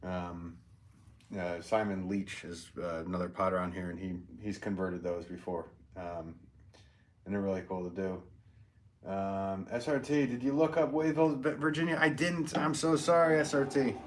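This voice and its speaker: The recording is low quality, with steady background noise, and captures a middle-aged man with a low voice talking at normal speed. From his pottery studio, he chats casually on a livestream, rambling through viewer comments with many fillers and restarts.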